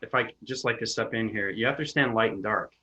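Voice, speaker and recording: A man's voice: on the low side, fast, bright, forceful tone, muffled recording. Man, insistent healer explaining at length, jargon-heavy, lecturing tone. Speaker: spiritual healer answering questions. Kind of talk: lecturing in a casual chat.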